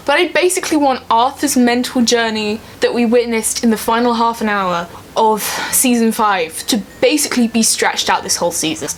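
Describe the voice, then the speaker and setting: A young woman vlogger rants emphatically about something she's a fan of, swearing freely and getting emotional. Her voice is medium-pitched and fairly bright, with a little hiss or hum in the recording.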